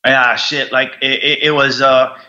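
Profane, halting man with a bright voice. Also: medium pitch, little pitch movement, lo-fi sound. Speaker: guest, Marine veteran. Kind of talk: candid storytelling interview.

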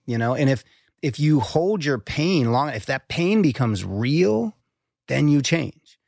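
Intense gravelly man, dry close sound. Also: medium pitch, very animated, takes it slowly, a little mellow, no room sound. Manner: intense, repeats words, swears freely. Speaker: podcast guest, endurance athlete. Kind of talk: candid conversational interview.

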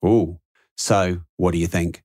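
A man's voice: low-pitched, fairly even intonation, unhurried, mellow, no echo, clean studio sound. A man hosting a podcast, asking brief, direct questions. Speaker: podcast host. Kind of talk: interview questions.

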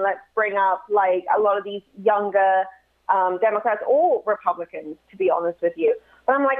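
A young adult woman, a guest on a radio show's phone line, chatting casually and filling her talk with "like". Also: on the high side. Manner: chatty, uses filler like. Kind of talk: casual interview chat.

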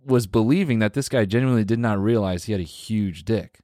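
A man's voice: fairly low pitch, brisk, warm tone, dry recording, clean studio sound. A man co-hosting a casual podcast, laid-back and teasing, laughing as he tells a story. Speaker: podcast co-host. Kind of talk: casual chat.

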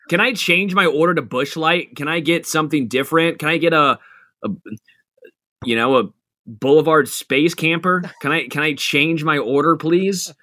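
A man's voice: a little high, normal speed, sharp tone, dry recording, studio quality. Playful man co-hosting a podcast. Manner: playful, rambling, laughs often. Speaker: podcast co-host. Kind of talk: casual podcast chat.

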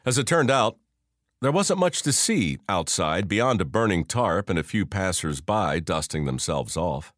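A man's voice: low voice, sing-song, unhurried, fairly bright tone, no echo, clean studio sound. A man narrating a scripted story in a folksy, wry storytelling manner.

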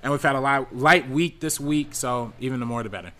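A man's voice: mid-range voice, a little fast, a bit bright. A man reading viewer donation messages on a casual live-stream panel show, with many ums and easy laughs.

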